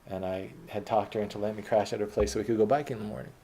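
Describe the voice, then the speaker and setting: A man's voice: on the low side, steady tone, rapid-fire, warm tone, slight background noise. A young man casually telling a story from his life, rambling along and swearing freely.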